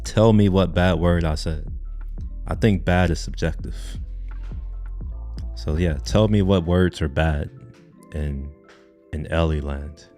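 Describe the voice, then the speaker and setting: A young man with a deep, low voice talks loosely into a desk mic, rambling, joking and swearing off-handedly. Faint music plays behind him as he chats on a live stream. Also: slow, pauses often, mellow. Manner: rambling, jokey, swears casually. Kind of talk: casual live stream chat.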